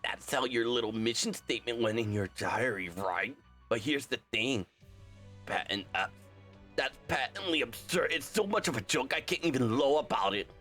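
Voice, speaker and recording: A young man reading a game's story aloud and voicing every part, animated and quick to correct his own slips. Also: medium pitch, faint music behind. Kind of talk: game script readthrough, voicing all parts.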